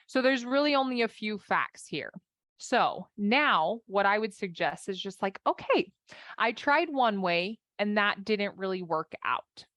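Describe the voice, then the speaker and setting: A woman life and marriage coach giving an animated, conversational talk, acting out inner voices as she goes. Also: medium pitch, no echo, clean studio sound.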